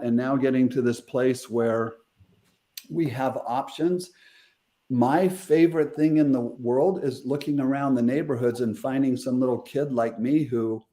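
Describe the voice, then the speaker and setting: A man's voice: medium pitch, warm tone. A middle-aged man, a guest on an interview show, earnestly retelling a personal story with quoted dialogue.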